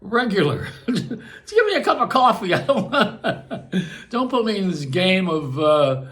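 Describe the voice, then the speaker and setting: Older male host with a slightly high voice, loose, self-mocking monologue. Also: sing-song, unhurried, fairly bright tone. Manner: chatty, self-mocking, laughs at his own jokes. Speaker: radio and broadcast host. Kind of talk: casual rambling monologue.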